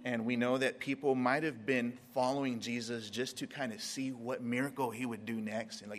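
A man preaching a sermon in a mid-pitched voice. He stretches key words, leaves long pauses, and slips into quoted voices to act out scenes. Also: fairly even intonation, in a large hall. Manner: dramatic pauses, acts out Bible scenes in quotes.

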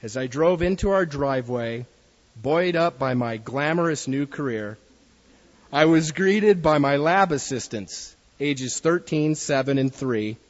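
A man with a fairly high voice delivers an earnest sermon and reads a story aloud to his congregation. The recording is dull and muffled, and long reverb trails off each phrase as if from a big hall. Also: animated, unhurried. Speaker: preacher.

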